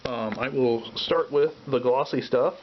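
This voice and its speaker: A man's voice: medium pitch, unhurried. Chill guy narrating his painting as he goes, kinda muffled lo-fi sound, faint hiss behind. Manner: relaxed, talks while working, trails off. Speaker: miniature painting host. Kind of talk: casual painting tutorial.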